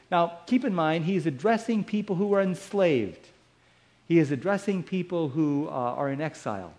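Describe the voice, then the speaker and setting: A man preaching a sermon, slow and measured, letting key phrases fall soft and quiet. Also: a little high, animated.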